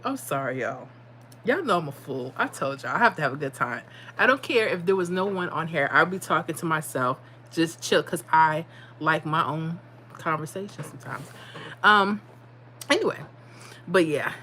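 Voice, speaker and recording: A woman's voice: mid-range voice, bright, forceful tone, slight background noise. A woman in her forties from the South Bronx with a New York accent, chatting casually on her livestream, sassy and laughing often. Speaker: livestream host. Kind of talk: casual livestream chat reading comments.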